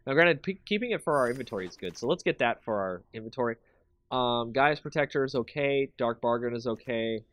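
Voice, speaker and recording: A man hosting a stream, commenting casually on his game picks and talking with chat, excitable and quick to laugh. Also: mid-range voice. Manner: excitable, chatty, thinks aloud and laughs a lot. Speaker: streamer and channel host.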